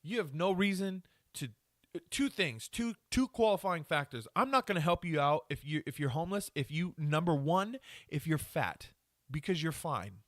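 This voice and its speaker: A man's voice: on the high side, animated, normal speed, a bit bright, no echo, clean studio sound. Crude ranting podcast host man. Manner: ranting, crude, swears often; self-mocking, laughs at himself. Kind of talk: solo podcast rant.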